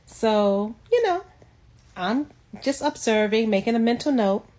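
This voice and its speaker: A woman casually telling a personal story on her video channel, reflective and lively when she quotes people. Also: on the high side, unhurried. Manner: reflective, animated when quoting others.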